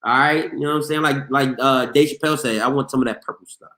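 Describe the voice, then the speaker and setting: Man, host, bright tense voice, playful arguing, casual chat, roomy echo. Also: medium pitch, quick pace. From Maryland. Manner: animated, playful, argumentative banter. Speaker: sports show host reading chat. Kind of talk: casual live-stream chat.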